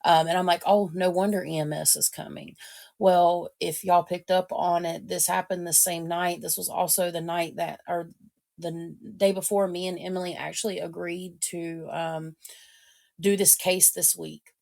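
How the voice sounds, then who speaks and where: A woman's voice: lowish voice, little pitch movement, normal speed, creaky, a little mellow. A woman co-hosting a podcast, telling a story casually with hesitant ums. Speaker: podcast co-host.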